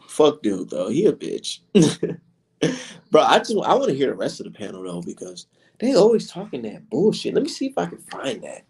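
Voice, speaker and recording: Gravelly, animated man ranting on a vlog. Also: mid-range voice, normal speed. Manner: excitable, swearing, mocking. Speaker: vlogger reacting to boxing clips. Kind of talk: profane casual reaction commentary.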